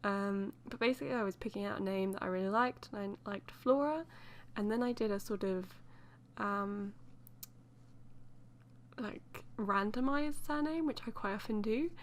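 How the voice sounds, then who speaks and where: A woman's voice: medium pitch, normal speed. A woman chatting loosely as she voices over a game build, rambling with many fillers and light laughs. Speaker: let's play host.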